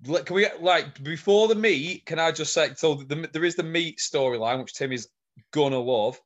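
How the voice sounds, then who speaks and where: Male co-host, higher voice, excitable. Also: moderate pace, highs cut off. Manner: eager, animated, swearing. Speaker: podcast co-host. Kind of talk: casual chat.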